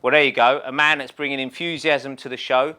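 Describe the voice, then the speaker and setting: A man's voice: mid-range voice, fairly even intonation, brisk, sharp tone. A man interviewing a guest in a casual, jokey, encouraging way with plenty of banter.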